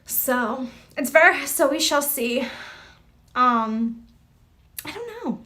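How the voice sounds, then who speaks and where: High bright-voiced chatty woman streamer. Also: very animated, takes it slowly. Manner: chatty, rambling, many fillers and restarts. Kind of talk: casual live chat.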